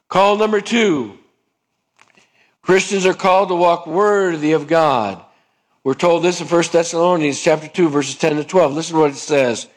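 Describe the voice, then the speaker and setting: A man preaching a sermon, asking his listeners questions and dropping low and soft on key points. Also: normal speed. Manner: acts out both sides of dialogues, rising pitch for the stubborn voice. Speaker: pastor.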